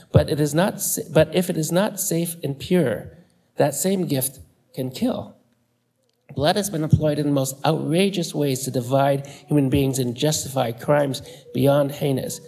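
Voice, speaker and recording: A man giving a public lecture, reading in a measured, deliberate way with dramatic pauses. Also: fairly high pitch, dark tone. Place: lecture hall.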